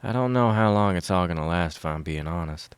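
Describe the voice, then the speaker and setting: A chatty young woman from a storybook, blunt and scheming, her voice lifting higher as she teases and swears with ease, put on by a male narrator. The sound is dry and close. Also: expressive, fairly quick, clear, resonant tone, no room sound. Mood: sad. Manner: chatty, teasing, swears casually.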